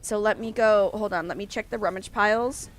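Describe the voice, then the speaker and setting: A young woman talks briskly in a medium-pitched voice while live-streaming a game, chatting casually with viewers. She has a stuffy nose, rambles, and corrects herself a lot.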